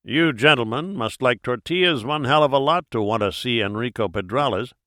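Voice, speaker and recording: A man's voice: medium pitch, expressive, fairly quick, bright, forceful tone, no echo, clean studio sound. A man playing a burly, world-weary male FBI agent who talks bluntly and wryly. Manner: blunt, wry, launches into monologues.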